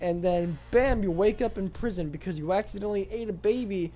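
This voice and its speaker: A young man with a fairly high voice rambles through a profane, absurd story on a home stream. He talks fast and loose and jumps into high yelps whenever he acts out a line. A faint hiss sits under the desk mic. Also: warm tone, poor audio.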